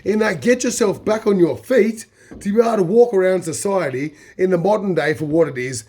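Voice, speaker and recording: A man's voice: a little high, darkish tone. An Australian man talking casually to camera, rambling with many fillers. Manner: rambling, fills with "say" and "like". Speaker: vlogger.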